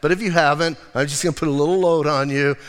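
A man's voice: on the high side, fairly even intonation, fast talker, clean tone. A male pastor preaching a sermon in a conversational way, teasing his congregation. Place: church sanctuary. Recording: long hall reverb.

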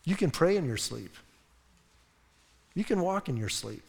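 A pastor with a somewhat high, sing-song voice preaches a sermon to his congregation, speaking a little slowly with vocal fry and slight roughness. He's conversational and enthusiastic, and the church sanctuary gives the recording long reverb.

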